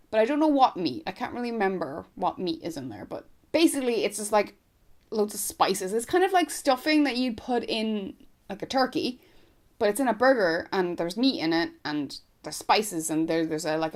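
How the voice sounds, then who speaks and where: A young Irish woman vlogging in a loose, rambling way, her speech scattered with "like"s. Her voice is mid-pitched and swings up and down freely as she talks. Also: sing-song, moderate pace. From Ireland, north County Dublin. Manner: chatty and rambling, with many "like"s. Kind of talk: casual chat to camera.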